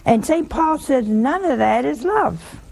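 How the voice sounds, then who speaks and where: Woman preaching, gravelly voice, takes her time, pokes at the audience with questions. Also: high voice, animated, a little slow, darkish tone. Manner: chatty, teasing rhetorical questions. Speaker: religious teacher. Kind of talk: folksy sermon.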